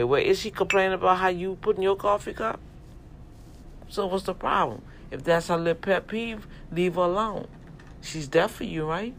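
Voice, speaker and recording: Man vlogger, gravelly voice, preachy and emphatic, addressing viewers, slight background hiss. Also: high voice, normal speed, a bit bright. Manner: emphatic, sermon-like exhortation; talks directly to viewers, folksy. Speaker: vlogger and self-publisher. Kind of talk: casual preachy rant to camera.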